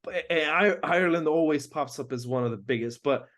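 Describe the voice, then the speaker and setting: Guy asking lots of questions on a podcast, kinda high voice, trips over his words. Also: a bit bright. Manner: curious, asks questions, halting restarts. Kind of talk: casual roundtable discussion.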